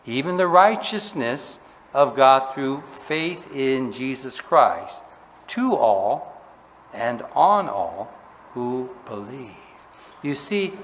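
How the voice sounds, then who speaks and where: A man preaching a sermon, asking his listeners questions and swinging between loud emphasis and quiet, low asides. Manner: asks the congregation questions. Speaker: pastor. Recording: long hall reverb.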